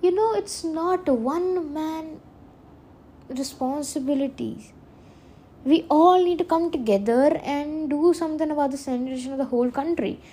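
A woman's voice: sits high, normal speed, mellow, slight background noise. A woman hosting a solo podcast, rambling earnestly, often correcting herself and laughing. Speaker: podcast host. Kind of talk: casual solo podcast monologue.

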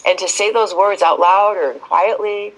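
A woman speaking as an expert guest in a podcast interview, telling stories with lively shifts and acting out quoted voices. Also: medium pitch, unhurried, low-quality recording.

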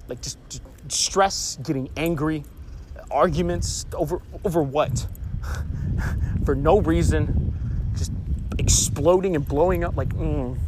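Agitated young man ranting outdoors. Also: a little high. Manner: agitated, swearing, rambling with restarts. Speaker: vlogger. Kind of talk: casual storytelling rant. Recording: noisy street background.

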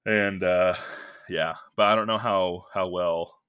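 Young dude podcast cohost, kinda low but bright voice, rambly casual chat. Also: male voice, steady tone, takes it slowly, smooth. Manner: rambling, many fillers and restarts. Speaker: podcast co-host.

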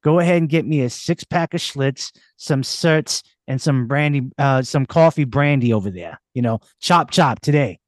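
A man's voice: medium pitch, normal speed, hardly any pauses, no echo, studio quality, natural voice. A man putting on a crude, bossy Boston guy with a Boston accent, rambling brashly. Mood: rowdy.

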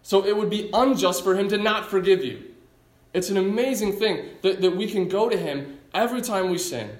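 Animated high-voiced preaching man. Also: reverberant. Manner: animated, conversational preaching with asides. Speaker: pastor. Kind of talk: sermon.

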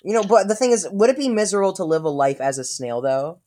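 A woman hosting a casual group chat, excitable and dramatic, laughing often. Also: lowish voice, quick pace. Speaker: podcast host asking questions.

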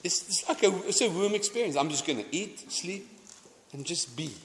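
A man's voice: high voice, lively intonation, normal speed, fairly bright tone, a little hiss or hum. A man preaching a sermon, chatty and anecdotal, often restarting his sentences. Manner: conversational, anecdotal, stumbling restarts, mixing in Afrikaans phrases. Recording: long hall reverb.

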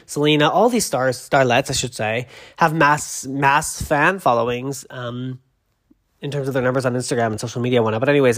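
A podcast host who talks fast and rambles through celebrity gossip in a loose, casual way. The delivery turns excitable, with "literally" dropped into nearly every sentence. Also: medium pitch.

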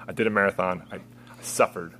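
A man's voice: sits low, steady tone, fast, bright, forceful tone. A young adult man, a guest coach, telling stories in a rambling casual way and laughing often. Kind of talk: casual chat.

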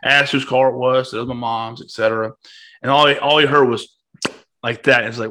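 A man with a bright, forceful voice tells a profane story in loose podcast banter. He delivers it with animation and acts out the quoted lines. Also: mid-range voice, steady tone, quick pace. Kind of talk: crude comedic storytelling.

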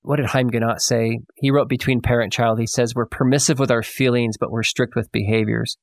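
A man's voice: medium pitch, little pitch movement, a little fast, no echo. A man hosting a podcast interview, talking in a reflective, affirming way with many fillers. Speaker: podcast host.

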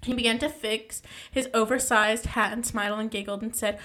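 A woman's voice: on the high side, fairly even intonation, normal speed, few pauses, fairly bright tone. Casual young woman reading aloud. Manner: casual, stumbles and self-corrects while reading. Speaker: podcast host reading a ghost story. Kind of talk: reading a story aloud with asides.

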